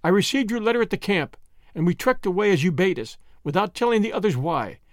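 A gentle young woman in mourning tells her story quietly and earnestly, as a man reading an audiobook gives her voice. The voice sits high and bright. The recording is close and dry. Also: no room sound.

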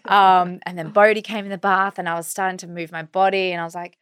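A woman in her thirties with an Australian accent, co-hosting a podcast and telling a personal story in a casual, animated way. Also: on the low side, fast talker, clean tone, no room sound, studio quality. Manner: animated, acts out her own quoted words. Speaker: podcast co-host.

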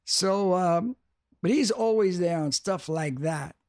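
An older man talks in a loose interview, his voice sitting a bit high. He stops and restarts, repeating words, then rushes ahead with animated force. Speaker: music executive guest. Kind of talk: casual interview talk.

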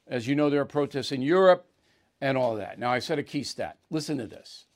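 A man's voice: medium pitch, animated, fairly quick. A man hosting a political talk show, delivering an opinionated monologue in a conversational, emphatic way and checking in with the audience often. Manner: emphatic, conversational, asks "right?" and "okay?" often.

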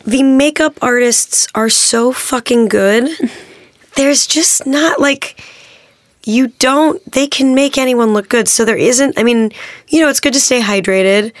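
A woman's voice: fairly high pitch, measured pace, no echo, clean studio sound. A woman in her thirties chatting candidly as a podcast guest, talking loosely and swearing casually. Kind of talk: casual chat.

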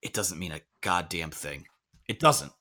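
A man with a slightly low, bright, forceful voice hosts a casual sports talk podcast. He rambles and corrects himself, tossing in joking asides as he talks over a remote call. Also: animated, measured pace. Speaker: podcast host.

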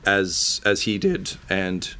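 A man voicing a tall grieving farm woman who speaks a solemn, quiet vow. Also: sits low, sing-song, slow pace, smooth, heavily acted.

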